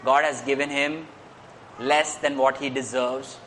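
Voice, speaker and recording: An earnest man preaches a sermon at a mid pitch and often repeats his phrases. His voice rises when he stresses a point. A faint hiss sits behind him. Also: level tone, unhurried, a bit bright.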